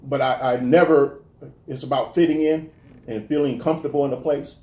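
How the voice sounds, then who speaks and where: A man from the telling stories in a casual interview, animated and restarting his sentences often. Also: mid-range voice, brisk, reverberant. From American South. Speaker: guest talking about his life.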